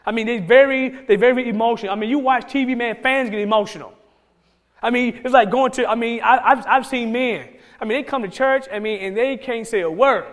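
A man pastor preaching a conversational sermon to his church, with many restarts and bursts of excitement. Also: very high-pitched, brisk, long reverb tail. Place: church sanctuary.

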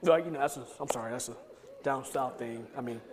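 A man preaching a sermon as pastor, emphatic and conversational, often repeating words in quick bursts as he drives a point home. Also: mid-range voice, crowd noise. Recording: long reverb of a large hall.

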